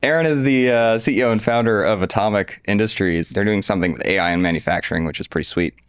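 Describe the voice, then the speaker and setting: A man hosting a podcast interview, asking questions in a relaxed, casual way with fillers. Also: fairly low pitch, fast talker, clean tone, dry recording, clean studio sound. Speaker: podcast host.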